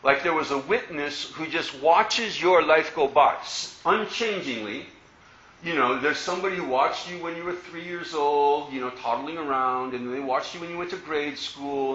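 A man gives a dharma talk as a Buddhist teacher, his voice bright and full of swooping ups and downs. He teases his listeners with playful rhetorical questions, fairly high for a man. The recording sounds roomy and a little dull, with a faint hum behind.

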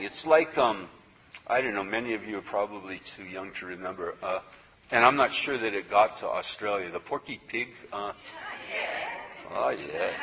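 Lively man teaching a class. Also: lowish voice, muffled recording. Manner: conversational, repeats words, asks "okay?" often. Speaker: yoga teacher. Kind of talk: spoken lecture to a class.

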